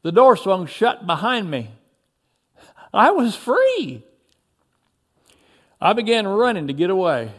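A man narrating a dramatic first-person story, moving between excited and hushed telling. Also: high voice, normal speed, few pauses.

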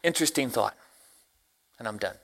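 A man preaching a sermon, a deacon and Sunday school teacher who quotes scripture slowly and swings from hushed lines to loud exclamations. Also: medium pitch, expressive, gravelly, a little hiss or hum. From Tennessee, US. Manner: quotes scripture in slow, drawn-out phrasing.

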